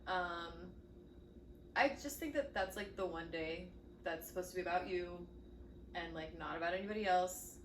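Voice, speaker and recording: Young woman, lowish pitch, halting casual talk, lots of fillers, roomy echo, distant mic. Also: a little hiss or hum. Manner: halting, filler-heavy, agreeable. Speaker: podcast co-host. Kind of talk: casual chat.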